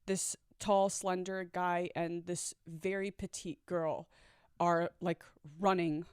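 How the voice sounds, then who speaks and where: Woman storyteller, smooth clear voice, confessional and candid, close dry sound. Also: fairly low pitch, little pitch movement, takes it slowly, dry recording. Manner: candid, reflective, with nervous laughs. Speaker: storyteller sharing a personal story.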